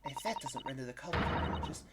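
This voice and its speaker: A man voicing a polite, earnest young Japanese woman in a game playthrough, speaking in a prim, formal way over loud game music. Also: medium pitch, expressive, quick pace, very noisy, natural voice. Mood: eager.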